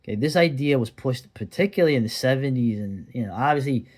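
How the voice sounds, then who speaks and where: A man's voice: medium pitch, expressive, fast, darkish tone. A man giving a casual, rambling review of an old comic, with digressions and sardonic asides.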